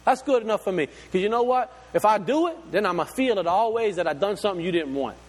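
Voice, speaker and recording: A man's voice: sits high, animated, quick pace, long reverb tail. A man preaching a sermon, folksy and full of rhetorical questions. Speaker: pastor.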